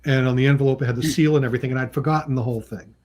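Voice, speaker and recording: A man of average pitch telling casual stories as a guest on a chat show about his own comic work. He laughs often and slips into lively voices when quoting others, with frequent ums and restarts. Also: very fast. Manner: chatty, acts out quoted people with pitch jumps; laughs often between remarks. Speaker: comic book writer and artist, guest. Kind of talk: casual anecdotal storytelling.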